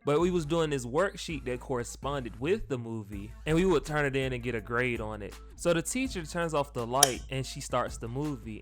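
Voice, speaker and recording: Young male storyteller, casual and animated with lively pitch jumps, over faint music. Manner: animated and slangy, swinging from low asides to high yelps. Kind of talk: comedic storytime narration.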